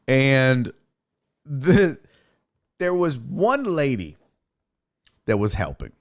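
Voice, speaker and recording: A man's voice: mid-range voice, big pitch swings, drawn-out words. A man hosting his own show, telling a story in a profane, ranting casual style. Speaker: sports show host.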